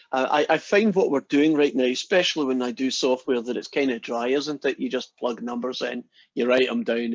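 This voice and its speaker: In a muffled recording, a man with a medium-pitched voice tells jokes to his math class. He's a lecturer with a playful, talkative style who addresses his students by name during this casual classroom banter.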